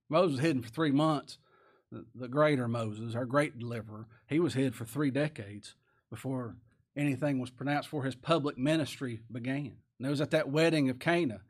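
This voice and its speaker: A man preaching a sermon in a folksy style, with rhetorical tag questions, swinging from loud to hushed. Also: mid-range voice. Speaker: pastor.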